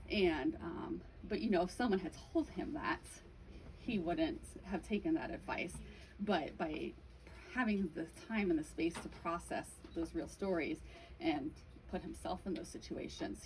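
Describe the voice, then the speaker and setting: A woman's voice: lowish voice, a little mellow, a little hiss or hum, low-quality recording. A young adult woman giving a casual presentation to an audience, chatty, with frequent "um" and "like". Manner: chatty, many fillers like "um" and "like". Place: bookstore event room.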